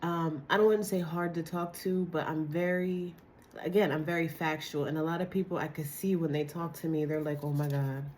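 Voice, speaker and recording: A woman with a dry, raspy, hoarse voice giving a blunt, chatty tarot reading to camera. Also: on the low side, fairly even intonation, fairly quick, darkish tone. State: hoarse from a cold. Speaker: tarot reader.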